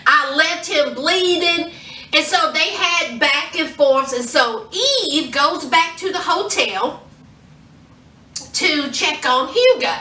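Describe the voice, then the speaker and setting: A woman recapping a TV episode in a casual, animated way, acting out the characters' lines. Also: high-pitched, slow, reverberant, recorded from a distance. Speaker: TV show reviewer.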